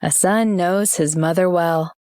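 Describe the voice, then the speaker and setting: A woman narrating an audiobook in an even, steady reading voice. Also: on the low side, unhurried, no room sound, clean studio sound. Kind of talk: scripted narration.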